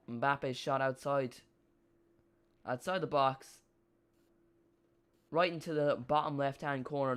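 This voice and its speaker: A man's voice: mid-range voice, smooth, dry recording. A man streaming a live football watch-along, chatting casually and often repeating or correcting himself.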